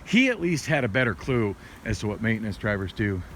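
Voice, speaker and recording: A man's voice: lowish voice, big pitch swings, fairly quick, a bit bright. A man vlogging as he walks a city street at night, rambling with many restarts and candid asides. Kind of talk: rambling late-night walking vlog. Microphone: handheld phone. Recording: windy outdoor phone audio.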